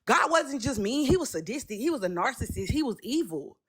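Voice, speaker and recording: A woman telling a personal story in casual chat, animated and passionate, acting out both sides of a conversation. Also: a little high, brisk, breathy edge. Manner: passionate and loud by her own account.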